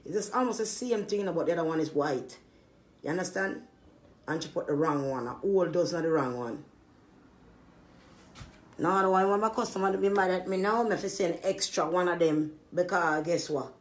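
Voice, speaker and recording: A woman's voice: lowish voice, moderate pace. A woman, a small business owner venting in an angry, profane monologue. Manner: irritated, profane ranting.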